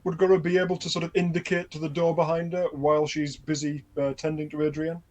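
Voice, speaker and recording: A man playing a tabletop game, speaking hesitantly with many pauses and restarts. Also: fairly high pitch, flat delivery, darkish tone. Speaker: player.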